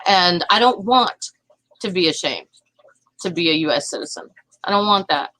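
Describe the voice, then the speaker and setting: A woman's voice: lowish voice, lively intonation, moderate pace, sharp tone, no echo, poor audio. A woman, giving impassioned political commentary in a vlog, indignant and often restarting her sentences. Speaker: vlogger.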